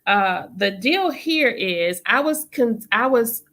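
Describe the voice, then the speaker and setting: A woman's voice: a little high, expressive, slow pace, fairly bright tone. A woman, a city council member talking straight to her audience in casual commentary, emphatic and repeating lines for effect.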